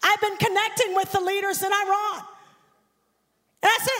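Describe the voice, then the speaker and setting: High-voiced woman preaching in a reverberant hall. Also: little pitch movement, normal speed. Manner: fervent preaching, rising to shouts and a sung cadence. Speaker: guest preacher. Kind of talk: impassioned sermon. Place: church sanctuary. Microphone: handheld microphone. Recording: long church hall reverb.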